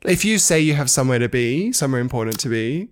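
A man's voice: mid-range voice, expressive, quick pace. A man, co-hosting a podcast with playful, defensive banter. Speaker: podcast co-host. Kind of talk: casual chat.

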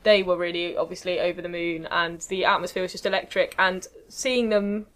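A young woman from England, co-hosting a podcast in lively, rambling casual chat. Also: on the low side, a little fast. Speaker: podcast co-host.

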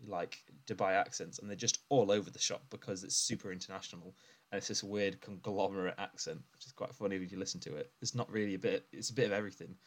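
A man chatting on a podcast, his voice sitting a little low. He rambles through anecdotes with plenty of laughter and filler words, relaxed and conversational. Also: quick pace. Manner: rambling storyteller, laughs often. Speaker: podcast co-host. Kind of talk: casual chat.

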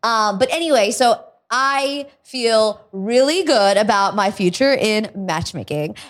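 A woman's voice: a little high, unhurried. A woman co-hosting a podcast, telling stories in a casual chat and laughing often. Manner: laughs often, animated storytelling. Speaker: podcast co-host.

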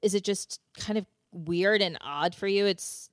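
A woman hosting an interview, explaining things in a measured way. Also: mid-range voice, no echo, clean studio sound. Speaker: host, former CIA officer. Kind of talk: podcast interview.

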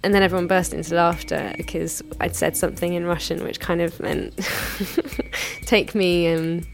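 A woman's voice: on the low side, flat delivery, fairly quick, vocal fry, faint music behind. A woman in her thirties telling a personal anecdote in a candid, chatty way. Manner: candid, chatty retelling with frequent hedges. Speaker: storyteller.

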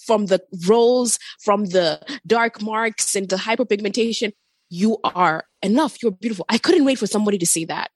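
A woman chats as a podcast guest, effusive and affirming. Her voice is a little congested from a cold and sits in a middle pitch. The recording is dry and close, with no room sound. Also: dry recording. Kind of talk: casual chat.

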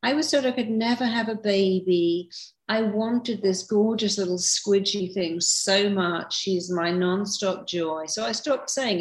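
A woman's voice: medium pitch, a little slow. A middle-aged woman speaking in a podcast conversation, emphatic, acting out the people she quotes. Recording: roomy echo.

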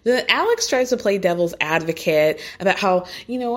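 A woman's voice: mid-range voice, moderate pace, few pauses. Gossipy woman recapping reality TV. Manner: gossipy, animated, laughs often, swears casually. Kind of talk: casual chatty recap.

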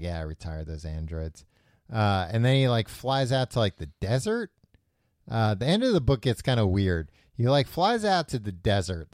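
Laid-back low-voiced man recapping a book. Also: darkish tone, no room sound, clean studio sound. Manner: retells the plot with loose, offhand quoted voices. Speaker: podcast host. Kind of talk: casual book discussion.

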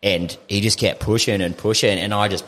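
A man's voice: lowish voice, fairly even intonation, normal speed, fairly bright tone, in a large hall. A young Australian man telling stories as a podcast guest, laid-back, swearing often and laughing through his tales. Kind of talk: casual storytelling chat.

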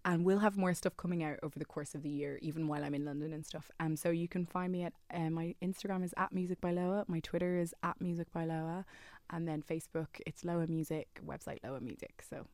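A woman's voice: deep voice, steady tone, fairly quick, a little mellow, no room sound. A young woman, a singer and actor, chatting casually as a radio interview guest, giggly and full of fillers.

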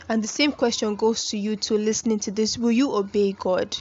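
A woman's voice: mid-range voice, steady tone, a little fast, darkish tone, dull audio. A young woman hosting a faith podcast, speaking earnestly and pleading with listeners like a preacher. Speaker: podcast host.

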